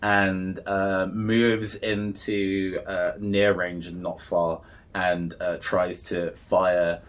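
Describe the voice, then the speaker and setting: A man's voice: low voice, level tone, drawn-out words. A man narrating a tabletop game as game master, chatty, with many ums and uhs.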